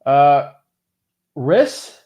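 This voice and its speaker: A man's voice: on the high side, big pitch swings, very slow, a little mellow. A man hosting a casual live coaching Q&A, talking in a loose, rambling, upbeat way with lots of fillers. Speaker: real estate wholesaling coach and host.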